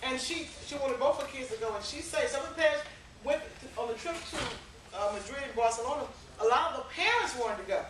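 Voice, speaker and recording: A woman's voice: high voice, fast talker, noisy background. A woman giving a seminar talk, telling anecdotes and acting out the voices in them. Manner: animated, acts out voices in anecdotes. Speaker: speaker. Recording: echoey hall, mic from far off.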